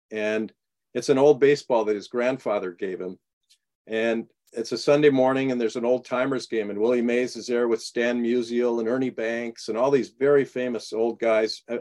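A man being interviewed as an author, telling animated stories and acting out the dialogue. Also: medium pitch. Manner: animated anecdotes, acts out quoted dialogue. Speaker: guest author. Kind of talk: storytelling in a radio interview.

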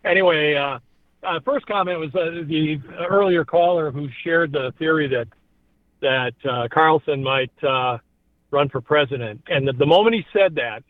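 A man's voice: a little high, normal speed, no echo. A man calling in from his car, talking in a rambling way with frequent chuckles. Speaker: caller. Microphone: phone. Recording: tinny phone line.

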